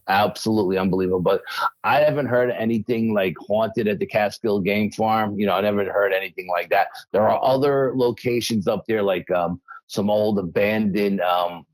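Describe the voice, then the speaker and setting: Deep-voiced animated male storyteller. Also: no echo, low-quality recording. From New York State. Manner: animated storyteller, many fillers and restarts. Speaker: interview guest, researcher. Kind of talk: casual storytelling interview.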